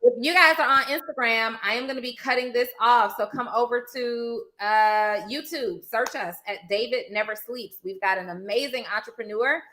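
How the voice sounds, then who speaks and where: A woman co-hosting a podcast, telling stories in an animated way and laughing often. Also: a little high, normal speed, few pauses, a little hiss or hum. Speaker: podcast co-host. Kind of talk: casual podcast chat.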